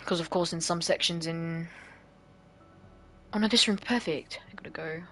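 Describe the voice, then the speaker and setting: A woman with an Australian accent chats on a live stream while she builds, filling her talk with "like" and quick giggles. Her voice is bright and forceful, and it sits a little low for a woman. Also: slight background noise. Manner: chatty and giggly, with many "like" fillers. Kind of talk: casual live-stream chat while building a game map.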